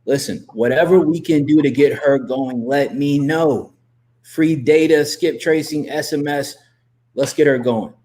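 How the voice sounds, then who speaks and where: Emphatic man, higher-pitched. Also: a little slow. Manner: emphatic, repetitive, gives shout-outs. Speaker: host and coach. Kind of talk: motivational livestream talk.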